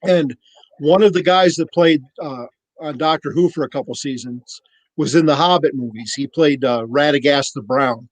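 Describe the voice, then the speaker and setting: A man on a podcast telling a casual, animated story and acting out the voices of the people in it. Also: fairly high pitch, moderate pace, no room sound, poor audio. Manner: animated anecdote-teller, acts out quoted voices. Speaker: podcast cohost.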